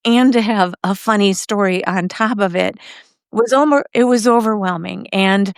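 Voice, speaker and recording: A middle-aged woman hosting a podcast, telling a personal story in a lively way, laughing often. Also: mid-range voice, normal speed, clear, resonant tone, dry recording, clean studio sound. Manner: lively, acts out other people's lines, laughs often.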